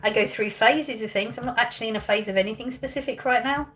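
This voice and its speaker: A woman's voice: on the high side, fast, fairly bright tone. Chatty woman hosting a livestream. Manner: chatty, laughs often, thinks aloud with fillers. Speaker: livestream host reading viewer questions. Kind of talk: casual live chat.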